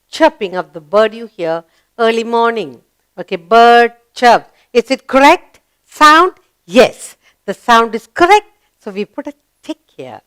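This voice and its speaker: Woman teacher doing a kids lesson, slow and sing-songy, bouncy higher voice, smooth and dry sound. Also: fairly bright tone, no room sound. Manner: slow, sing-song questions to young learners. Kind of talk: children's grammar lesson.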